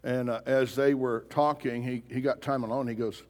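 A man's voice: medium pitch, fairly even intonation, moderate pace. A man preaching a sermon as pastor, emphatic and pressing his congregation with pointed questions. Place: church sanctuary. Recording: long reverb of a large hall.

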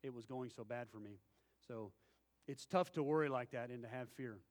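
In a sermon heard with long hall reverb, a man tells folksy stories and performs the quoted lines of the people in them. He speaks at a moderate pace in a mid-range voice.

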